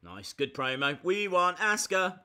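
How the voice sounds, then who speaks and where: A man giving casual live reactions as a streamer, chatty with excitable, jokey asides. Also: high-pitched, moderate pace, clean tone.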